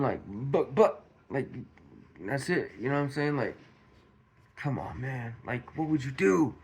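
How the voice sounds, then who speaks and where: A man's voice: on the high side, darkish tone. A man from Modesto, California, giving casual, slangy commentary on a news story and acting out scenes with swearing.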